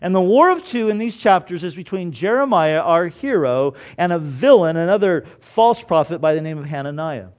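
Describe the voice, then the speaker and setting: A male preacher with a slightly higher voice delivers a sermon as lively storytelling. He swings from loud, emphatic bursts to low, quiet asides. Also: moderate pace, hardly any pauses. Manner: animated storytelling, rising loud for emphasis then dropping low.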